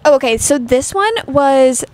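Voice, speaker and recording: A woman's voice: high voice, animated, unhurried. A young woman co-hosting a chatty podcast who rambles with lots of fillers and reads a story aloud. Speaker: podcast co-host. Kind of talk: casual chat, reading a story aloud.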